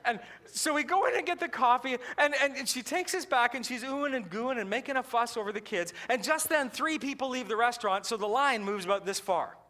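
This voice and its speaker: A man giving a keynote talk, telling a story in an animated way with frequent laughs. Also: very high voice, fairly quick, hardly any pauses. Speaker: customer service keynote speaker.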